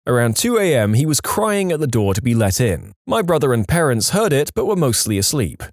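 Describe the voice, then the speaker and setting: Animated male story narrator. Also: mid-range voice, a little fast, dry recording, clean studio sound. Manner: animated reading, acting out quoted lines in raised voices. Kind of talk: reading online stories aloud.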